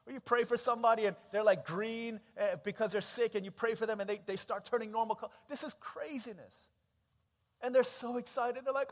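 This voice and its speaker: Animated high-voiced male preacher, echoing hall. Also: a little fast. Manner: animated storytelling, acting out voices, swinging from hushed to loud. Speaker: pastor. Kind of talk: sermon.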